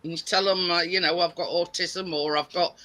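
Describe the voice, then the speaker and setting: A man's voice: high voice, fairly even intonation, a little fast, over a noisy crowd. A man in casual chat who repeats words as he starts his sentences.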